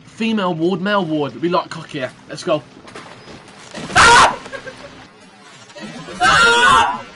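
A man's voice: on the high side, animated, brisk, loud music behind the voice. A young British man commentating a horror game, swearing a lot and jumping at scares. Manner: jumpy, swearing, crude jokes. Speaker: gaming streamer.

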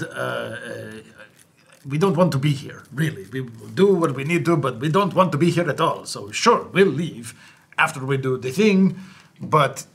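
A man's voice: medium pitch, animated, moderate pace, gravelly, a bit bright, slightly rough. A man playing a tabletop game, blunt and exasperated, who stammers as he pushes his point. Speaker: player.

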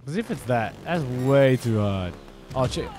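A man's voice: mid-range voice, a little slow, faint music behind. A man streaming a game and chatting casually, rambling and self-mocking while he answers chat. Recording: steady noise behind the voice.

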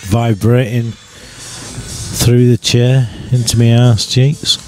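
A man's voice: mid-range voice, little pitch movement, very slow, dark tone. A man co-commentating on snooker in a jokey, easygoing way. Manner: jokey, laughs easily. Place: sports bar commentary position.

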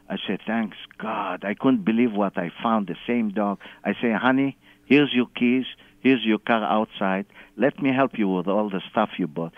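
With a fairly low-pitched voice, recorded dry, a man calls a radio program via a dull phone line. His animated storytelling runs long, full of chuckles, as he acts out the people he quotes.

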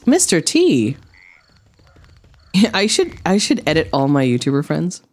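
A woman's voice: low voice, wildly swooping pitch, unhurried, darkish tone. A woman streamer giving let's-play commentary, exclaiming and swearing at the game as she plays.

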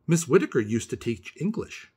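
A man reading a calm, wise old man. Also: medium pitch, normal speed, husky.

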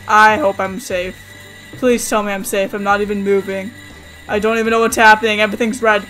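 A let's-play host talks through the game in a bright, sharp voice, jumpy and excitable. Nervous chatter runs between sudden high yelps. Faint game music plays underneath. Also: a little fast. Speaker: gaming channel host.

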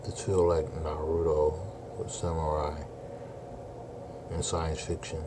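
A man's voice: extremely low pitch, completely flat delivery, slow pace, background noise. A man doing a casual live reaction, blunt and exasperated, swearing and saying "bro" constantly. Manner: slangy, swears a lot, keeps saying bro. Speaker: manga reaction streamer.

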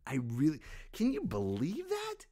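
A man's voice: on the high side, wildly swooping pitch, a little slow, warm tone. A man hosting a comedy podcast, delivering a sarcastic, exasperated rant and laughing at his own jokes. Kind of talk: stand-up style comic rant.

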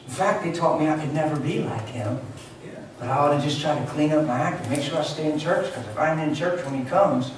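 A man preaching a sermon, telling a story with lively shifts between shouting and hushed asides. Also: on the high side, a little fast, slight background noise. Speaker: pastor. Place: large church sanctuary. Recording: echoey church hall from far off.

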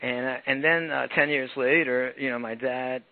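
A man's voice: mid-range voice, steady tone, normal speed. Man on a tinny phone line. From France. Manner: rambling, lots of fillers. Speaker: guest musician. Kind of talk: casual interview chat.

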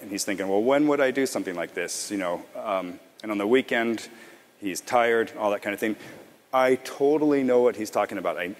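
A man giving a casual conference talk to designers, relaxed and rambling, often restarting his sentences. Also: fairly low pitch. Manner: relaxed, rambling, self-correcting. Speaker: conference presenter. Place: large conference hall. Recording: long hall reverb.

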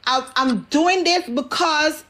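A woman's voice: high-pitched, slow, sharp tone. A woman from the Caribbean on a live call, speaking earnestly and reassuringly. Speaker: caller.

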